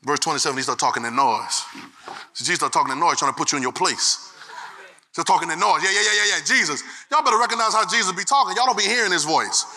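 A man's voice: fairly high pitch, lively intonation, fast talker, bright, forceful tone. A man preaching a sermon in a dialect, using call-and-response and shifting his tone. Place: church. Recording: echoey hall, faint noise.

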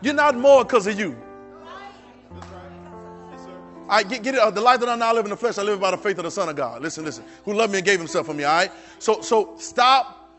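A man preaching a sermon in a church service, urging the congregation to repeat his words. He swings from soft, low asides to loud, shouted exhortations, with many repeated phrases and restarts. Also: fairly quick, pauses often, soft background music. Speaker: pastor. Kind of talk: sermon with call-and-response.

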